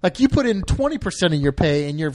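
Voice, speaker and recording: A man with a high, very expressive voice banters on a casual podcast. He takes charge, pushing the talk along and directing the others. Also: fast talker, a crowd in the background. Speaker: podcast co-host.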